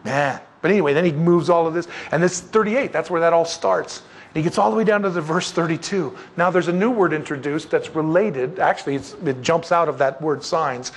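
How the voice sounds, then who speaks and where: A Bible teacher leads an evening Bible study, working through scripture in an animated, conversational way with joking asides and rhetorical questions. His voice is fairly high and fairly quick.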